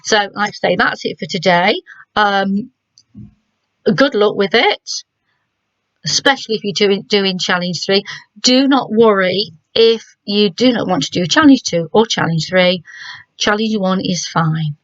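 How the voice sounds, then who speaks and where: A middle-aged woman with an English accent teaches children from home, patient and gentle as she sounds out words slowly. Her voice is mid-pitched and the recording is dry and somewhat dull. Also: dry recording. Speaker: primary school teacher. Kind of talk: remote lesson for children.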